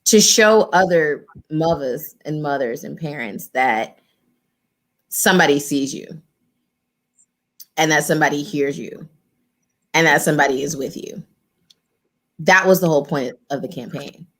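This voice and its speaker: Earnest, emphatic woman speaking low. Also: measured pace, long pauses. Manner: earnest and emphatic, repeats phrases for weight; casual and conversational, addresses the group directly. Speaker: community organizer and former political candidate. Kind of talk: heartfelt panel remarks.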